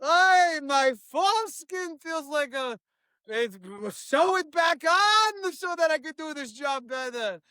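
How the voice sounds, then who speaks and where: A woman voicing a crude, loud male spy off duty, drawing out his words. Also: high voice, expressive, no room sound, clean studio sound, voice pushed up, exaggerated voice. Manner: drawn-out, bellowing, crude.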